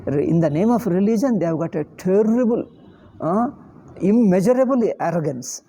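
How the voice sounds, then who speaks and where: A man teaches scripture in a mellow, slightly husky voice. He lectures emphatically and keeps asking his listeners rhetorical questions. He turns openly scornful when he speaks of his critics. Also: high-pitched, lively intonation, moderate pace. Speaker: spiritual teacher.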